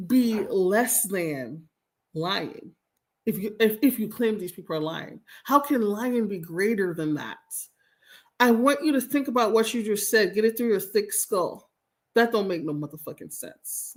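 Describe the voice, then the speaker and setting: A woman hosting a livestream, reading out chat comments and giving casual commentary, blunt and exasperated, and she swears freely. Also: medium pitch. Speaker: livestream host. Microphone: home streaming mic.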